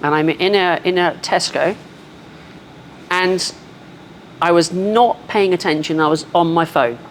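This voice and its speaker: A woman, telling a self-deprecating story in a measured, wry way on a live podcast. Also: on the low side, a little hiss or hum. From England. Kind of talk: casual storytelling.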